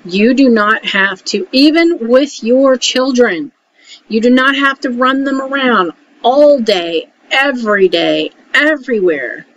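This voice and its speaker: A woman talking casually to camera, giving frank advice and often checking in with a quick "okay?". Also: fairly high pitch, expressive. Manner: chatty, keeps checking in with "okay?"; frank, mildly salty. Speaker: emotional support vlogger. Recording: dull lo-fi audio with faint hiss.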